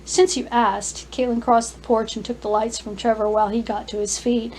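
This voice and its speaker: A woman author reading her own fantasy story aloud, careful and clear, with small restarts. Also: on the high side, flat delivery, a little fast, mellow, a little hiss or hum, poor audio. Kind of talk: scripted narration, story reading.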